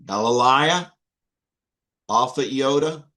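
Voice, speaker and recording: A man's voice: medium pitch, slow pace, bright, forceful tone. A man teaching an online Greek class, patient and repeating himself with many fillers. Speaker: Greek instructor.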